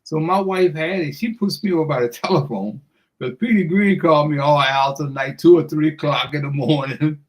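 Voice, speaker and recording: An older man tells a story with a lot of energy, and his voice sits high for a man. He acts out each part of the conversation, laughs often, and keeps saying "man". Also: a little fast, poor audio. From Washington DC area. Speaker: guest storyteller. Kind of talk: animated anecdote on radio.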